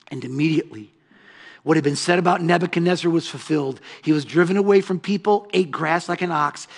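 A male pastor preaching in a church, his high voice carrying a gravelly rasp. He leans hard on key phrases, drawing them out slowly, then sinks to a near hush. His delivery is dramatic and earnest. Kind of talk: sermon.

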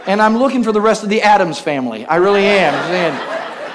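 A man preaching with an unusually high, bright-sounding voice. He tells lively, humorous stories, slips into quick impressions of the people he describes, and keeps turning to the congregation for an amen. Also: a crowd in the background. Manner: animated storytelling, acts out quoted voices with humor; asks the congregation for responses. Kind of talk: sermon.

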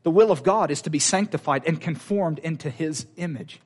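Fervent preacher man, fairly high voice. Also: fairly quick, breathy edge. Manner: fervent, emphatic, repetitive exhortation. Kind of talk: sermon.

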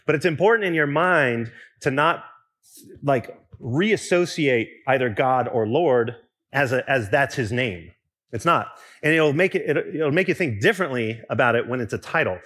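A young man preaching a sermon in a relaxed, conversational way, with restarts and asides to the congregation. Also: a little high. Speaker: pastor.

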